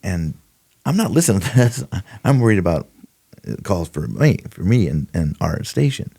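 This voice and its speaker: Older guy, deep gravelly voice, swings up and down a lot, laughs while he tells old cop stories. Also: moderate pace. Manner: animated, acts out quotes, laughs often. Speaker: retired homicide detective, podcast guest. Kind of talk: casual storytelling interview.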